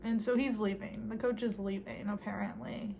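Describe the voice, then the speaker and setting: A woman's voice: medium pitch, steady tone, normal speed, creaky, background noise. A woman casually recapping a movie's plot for a review, telling it in a chatty, filler-heavy way with wry asides.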